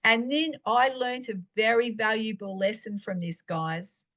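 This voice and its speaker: A woman preaching in a fairly high voice. She tells stories from her own life and acts out the lines she and others said. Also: measured pace, a bit bright. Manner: storytelling, acting out her own dialogue. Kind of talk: personal teaching talk.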